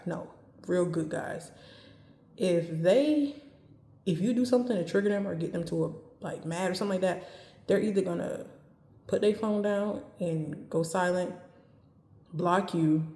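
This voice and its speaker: A woman giving dating advice in a casual talk to camera, speaking calmly and evenly and driving her points home by repeating them. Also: fairly low pitch, echoey room. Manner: calm, even, straight-talking with emphatic repetition.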